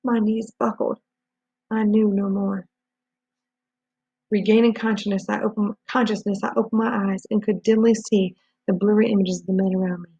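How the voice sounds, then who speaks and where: Husky woman reading a story aloud. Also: mid-range voice, moderate pace, dry recording. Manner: steady storytelling with small slips and restarts. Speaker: reader. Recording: dull lo-fi recording.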